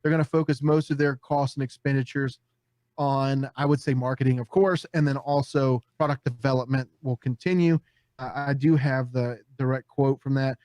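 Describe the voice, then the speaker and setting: A man hosting a casual podcast, telling stories with animated energy, often putting on voices and laughing. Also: medium pitch, normal speed, dry recording. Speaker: podcast host.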